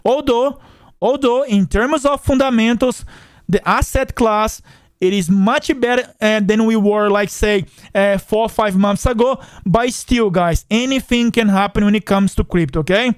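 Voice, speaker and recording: A man who speaks English as a second language hosts a casual finance stream with a high, smooth voice. He chats and repeats himself, addressing his viewers directly. The sound is dry and close to the mic. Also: normal speed, dry recording. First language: not English. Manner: chatty, repetitive, addresses viewers as guys. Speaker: finance channel host. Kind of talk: casual livestream chat reading comments.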